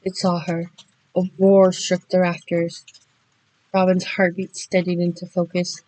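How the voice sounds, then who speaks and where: A woman narrating a horror story dramatically, speeding through action and slowing for suspense. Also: on the low side, completely flat delivery, darkish tone, no echo, low-quality recording.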